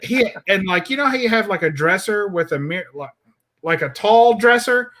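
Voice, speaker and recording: A man's voice: high-pitched, expressive, normal speed, sharp tone. A man telling a long, rambling story in casual chat, full of fillers, acting out the people in it. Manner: rambling, filler-heavy, acts out quotes. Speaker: podcast host telling a story.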